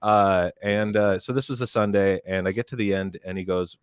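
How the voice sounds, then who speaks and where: Lively low-voiced man telling a story. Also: normal speed, clear, resonant tone, no echo, studio quality. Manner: animated, barks quoted drill lines. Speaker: podcast panelist. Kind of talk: casual storytelling. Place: podcast studio.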